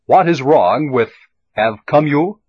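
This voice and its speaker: Man reading out drill prompts, steady and instructive, kinda husky, muffled dry old tape. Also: fairly high pitch, no room sound. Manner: measured, instructive delivery. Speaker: lesson prompter. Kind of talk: scripted language drill instructions. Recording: dull lo-fi old tape recording.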